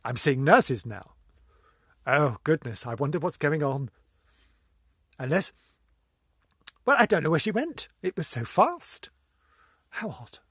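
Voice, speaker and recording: A man's voice: a little high, very animated, unhurried, long pauses, a bit bright, breathy edge, no room sound, clean studio sound. A man hosting his own video series, rambling through a comic sign-off, giggling and repeating himself.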